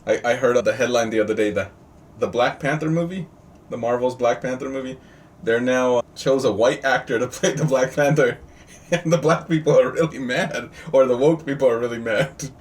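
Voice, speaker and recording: A man's voice: medium pitch, fairly quick. A man teaching a live online class over a video call, chatty and jokey, often quizzing his students. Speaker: trading teacher. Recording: distant mic with faint noise.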